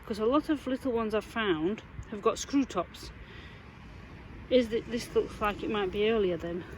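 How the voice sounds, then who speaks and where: A Yorkshire woman chatting to camera out in a muddy field, easily excited by what she finds. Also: medium pitch, normal speed, slight background noise, rough recording. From England. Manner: chatty, easily excited, talks to herself and viewers. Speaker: metal detecting vlogger. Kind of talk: casual talk to camera while digging.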